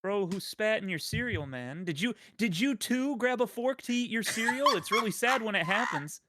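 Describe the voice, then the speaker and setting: A man co-hosting a stream over voice chat, soft-spoken and gentle, chatting casually. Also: high-pitched, lively intonation, moderate pace, slight background noise. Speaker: co-host. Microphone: headset or desk mic over voice chat.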